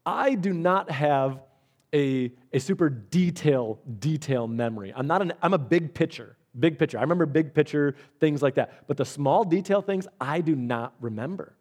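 A man's voice: a little high, lively intonation, normal speed, a little mellow. A man preaching a conversational sermon, reading scripture and explaining it with everyday examples, sometimes repeating words. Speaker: pastor.

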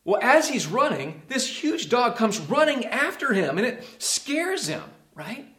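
A man preaching a sermon as a pastor, earnest, dropping to a hush and rising to emphasis. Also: extremely high pitch, sing-song, measured pace, reverberant. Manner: earnest, swings from hushed to emphatic.

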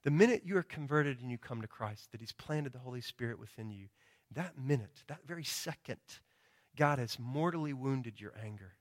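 A man's voice: mid-range voice, lively intonation, normal speed. A man preaching a sermon in an emphatic, rhetorical way, often asking "right?" and acting out quoted confessions in a raised voice, with a chesty cough. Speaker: pastor.

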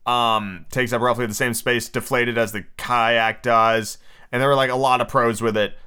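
Man, podcast host, drunk, tired, rambling, profane, bright forceful voice. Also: medium pitch, fairly even intonation, moderate pace, clear, resonant tone. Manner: rambling, profane, full of fillers. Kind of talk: casual solo podcast monologue and reading aloud.

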